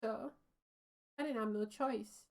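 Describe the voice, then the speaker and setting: A woman's voice: a little high, slow, slight background noise. A woman voicing a frightened young working-class female witness in a put-on Irish accent, hesitant and nervous. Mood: defiant. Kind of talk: game dialogue read aloud.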